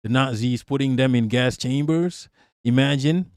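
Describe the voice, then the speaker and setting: A man's voice: medium pitch, measured pace, a little mellow, dry recording, studio quality. A man giving a heated, profane live-stream rant, often repeating words as he pushes on.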